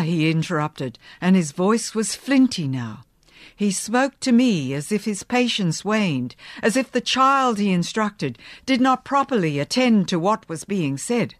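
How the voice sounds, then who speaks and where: A woman narrates a novel in the first person with a dramatic, expressive delivery. She reads slowly, and her pitch moves widely from phrase to phrase. The recording is dry and close, with no room sound. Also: no room sound. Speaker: audiobook narrator.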